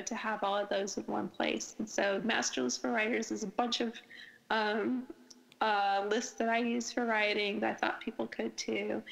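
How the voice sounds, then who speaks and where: A woman author appears as a guest in a podcast interview, chatting casually and enthusiastically with lots of fillers and restarts. Her voice is fairly high, creaky, and fairly bright, captured at a podcast recording in low-quality audio.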